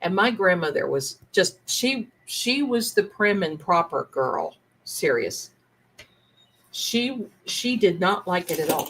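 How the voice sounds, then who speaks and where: A middle-aged woman hosting a livestream, telling a family story in a chatty, animated way and acting out the relatives she quotes. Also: lowish voice, slow, slight background noise, rough recording. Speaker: livestream host, tarot reader.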